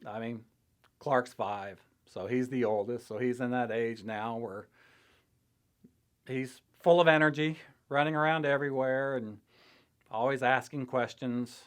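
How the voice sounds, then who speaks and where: An older man sharing his personal faith testimony in a halting, reflective way, with pauses and short laughs between thoughts. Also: medium pitch, fairly bright tone. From Illinois, US. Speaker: church member sharing testimony.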